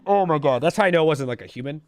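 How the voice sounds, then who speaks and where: A man in his thirties tells a story in animated casual chat, his pitch a little high and leaping all over as he imitates beeps and quotes himself. He drops "bro" and "dude" constantly. The sound is dry and close. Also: rapid-fire, no echo. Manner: says "bro" and "dude" a lot. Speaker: caller.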